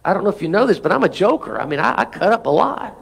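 A high-voiced man preaches from the pulpit, asking the congregation for amens between lines. He reads scripture with climbing intensity. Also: sing-song, fast, creaky. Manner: preaching with call-and-response asides. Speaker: pastor. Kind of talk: sermon.

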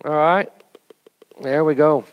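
A middle-aged man preaches to his church, walking the congregation through a hands-on object lesson. His voice sits high for a man, and he talks with a playful, joking energy that climbs into emphatic urging. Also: slow pace, no echo, highs cut off. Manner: animated, jokey, rising to emphatic exhortation. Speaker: pastor.

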